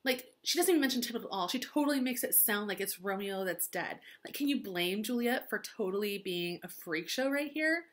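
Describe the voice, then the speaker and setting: A woman's voice: mid-range voice, lively intonation, brisk, hardly any pauses. A woman teacher retelling a play as gossipy valley-girl chatter, full of "like" and dramatic asides.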